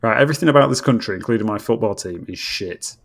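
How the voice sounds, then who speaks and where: A man's voice: on the low side, lively intonation, fast, gravelly, crowd noise. A man from England, chatting bluntly and teasingly on a podcast, swearing freely. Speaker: guest. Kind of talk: casual podcast chat. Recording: remote call audio.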